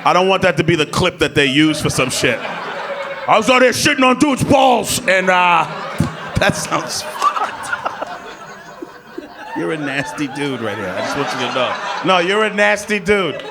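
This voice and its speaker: A male comedian works a club stage with a high, lively voice that jumps from loud shouts to low muttered asides. His delivery is crude and animated. A crowd laughs loudly behind him in the live room. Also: normal speed. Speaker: stand-up comedian. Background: audience laughter.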